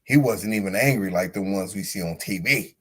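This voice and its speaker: A man hosting a podcast, telling a story in a casual monologue. He talks in slang and swings between loud outbursts and low mutters. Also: fairly quick, slightly rough. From United States. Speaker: podcast host.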